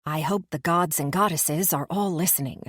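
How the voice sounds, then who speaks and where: A woman narrating a first-person fantasy audiobook in a measured, expressive way. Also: sits low, dry recording, studio quality.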